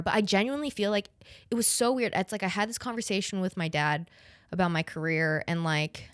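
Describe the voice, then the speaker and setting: With a fairly low pitch and a brisk pace, a young woman hosts a podcast in chatty, rambling fashion, cursing casually and leaning on "like". The sound is clean, dry and studio quality.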